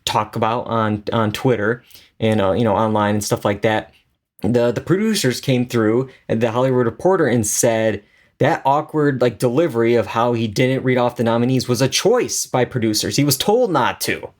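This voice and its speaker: A male podcast co-host in loose, casual chat. His voice sits at an ordinary middle pitch. He talks with lots of fillers and restarts and an exasperated, animated tone. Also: normal speed.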